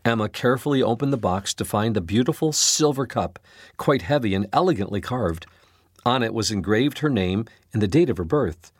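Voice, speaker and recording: A man narrating a storybook, reading expressively with an animated delivery. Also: lowish voice, fairly quick, husky, no room sound, clean studio sound. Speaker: storybook reader.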